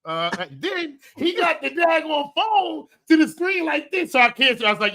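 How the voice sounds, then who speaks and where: A man in his thirties co-hosting a casual podcast, telling animated stories and acting out quotes. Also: very high voice, moderate pace, few pauses. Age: 30s. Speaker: podcast co-host. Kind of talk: casual chat.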